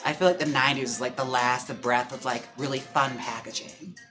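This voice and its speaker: A man hosting a livestream in casual chat, talking with lots of fillers and quick laughs. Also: medium pitch, steady tone, music in the background. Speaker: live-stream host. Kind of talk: casual chat during a wig-styling livestream.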